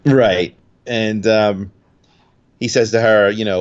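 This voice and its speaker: A man's voice: fairly low pitch, fairly even intonation, slow pace, long pauses, lo-fi sound. A man casually recapping a TV episode in a podcast chat, rambling with fillers and acting out quotes.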